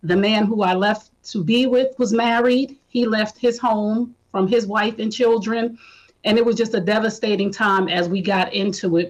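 A woman's voice: medium pitch, dull audio. A woman guest on a podcast giving a candid, reflective account of her own past.

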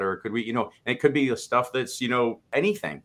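A man's voice: mid-range voice, sing-song, quick pace, few pauses, fairly bright tone. A man co-hosting a podcast, speaking in a candid, reflective way that rambles and restarts. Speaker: podcast co-host. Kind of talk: casual conversation.

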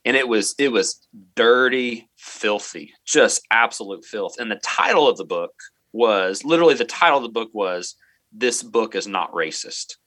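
A fairly low-pitched man with a bright, forceful tone tells a story from his teaching work as an interview guest. He speaks earnestly and keeps quoting himself and others along the way. The recording is dry and close. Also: animated, moderate pace, dry recording. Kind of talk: personal story in a podcast interview.

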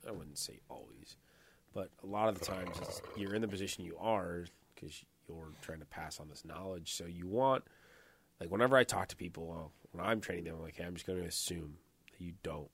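A man's voice: low-pitched, brisk, fairly bright tone, husky. A man co-hosting a podcast, telling rambling, profane stories in casual chat, full of fillers. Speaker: podcast co-host.

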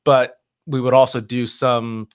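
Veteran guest, man, thirties, mid-pitched, lively storyteller who plays out the quotes. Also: unhurried, clear, resonant tone. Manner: animated storyteller, acts out quoted dialogue with laughs. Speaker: interview guest, army veteran. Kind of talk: casual storytelling interview.

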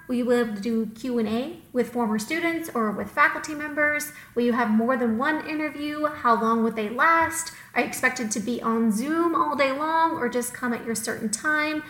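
A woman's voice: high-pitched, sharp tone, reverberant, poor audio. A woman co-hosting an advice podcast, upbeat and emphatic, repeating words for stress. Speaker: podcast co-host.

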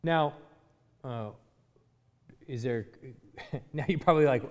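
A man teaching a class, speaking in an animated way, chuckling often and restarting his sentences. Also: a little high, measured pace, long pauses. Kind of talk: class lecture. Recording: hall reverb.

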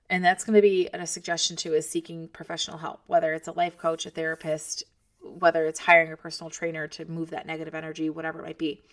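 A woman in her thirties hosting a podcast, talking casually and encouragingly to other moms. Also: on the low side. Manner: chatty and encouraging, talks straight to the listener. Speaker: podcast host. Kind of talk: casual motivational talk to moms.

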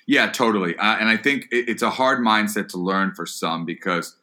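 A man's voice: fairly low pitch, moderate pace, sharp tone. A man being interviewed about leadership and listening, talking earnestly and often repeating words as he starts a phrase. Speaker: guest, entrepreneur and author. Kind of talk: podcast interview answer.

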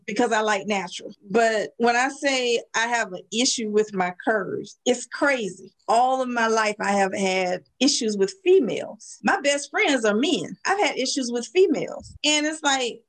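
A woman's voice: on the high side, expressive, measured pace. A woman in her fifties, a guest speaking frankly in a conversational interview, with lots of folksy sayings, restarts and easy laughter.

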